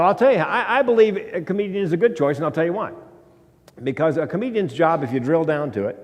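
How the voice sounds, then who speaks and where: Male comedian-speaker, wry storyteller, slightly high voice, recorded with a long reverb in a large hall. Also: a little mellow. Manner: storytelling with dramatic pauses and wry humor. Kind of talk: stage talk. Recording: hall reverb from stage talk.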